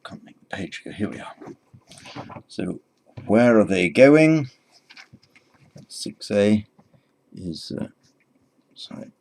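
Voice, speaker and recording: A man gives a recorded language lesson at an unhurried, deliberate pace. His voice sits fairly low, and he patiently says each phrase twice before explaining it. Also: sing-song, vocal fry, darkish tone. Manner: slow, patient, repeats each phrase for the learner. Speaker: Sanskrit teacher.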